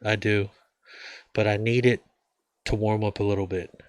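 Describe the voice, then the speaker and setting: Man, rambling folksy vlog talk, lowish voice, dry close mic. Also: level tone, normal speed, no room sound. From United States. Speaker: vlogger. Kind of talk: casual beer-drinking monologue.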